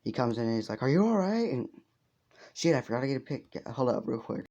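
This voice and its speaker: A man's voice: medium pitch, steady tone, fast talker, a little mellow, highs cut off. A man casually telling a fan story, rambling with lots of fillers and swearing.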